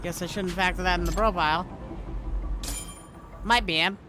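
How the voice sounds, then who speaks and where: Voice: medium pitch, steady tone, normal speed, over music. A streamer casually reading video game dialogue aloud, with wry asides.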